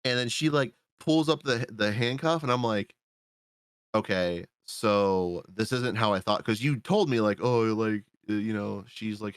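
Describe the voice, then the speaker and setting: Podcast guy, low-pitched and dry, loose profane storyteller who acts out his reactions. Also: a bit bright, smooth, no echo. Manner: rambling, swears freely, acts out his own reactions. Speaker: podcast co-host reviewing a film. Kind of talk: casual profane movie recap.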